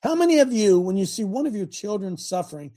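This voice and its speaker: A man's voice: high-pitched, very animated, quick pace, warm tone. An older man preaching a sermon in a fiery way, firing rhetorical questions at his congregation.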